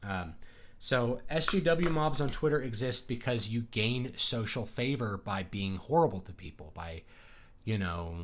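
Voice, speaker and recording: Chatty man hosting a livestream. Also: medium pitch. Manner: rambling, conversational, many fillers. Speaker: livestream host. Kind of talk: casual livestream chat.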